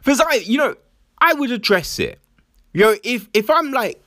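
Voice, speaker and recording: A man's voice: very high voice, sing-song, moderate pace, a bit bright, a little hiss or hum. A man giving casual commentary, mocking and incredulous, swearing often and laughing.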